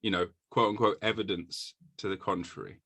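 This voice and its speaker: A man hosting a casual podcast chat, joking and sarcastic, with sudden jumps in pitch. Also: steady tone, fairly quick, pushed and bright, husky, no echo. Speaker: podcast host.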